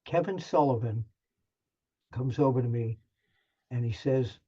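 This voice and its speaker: Older male storyteller, chatty and wry, mid-pitched, muffled lo-fi sound. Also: measured pace, dark tone, breathy edge. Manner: chatty, self-deprecating, lots of restarts. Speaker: wrestling journalist, guest. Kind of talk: animated storytelling anecdote. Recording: muffled lo-fi audio.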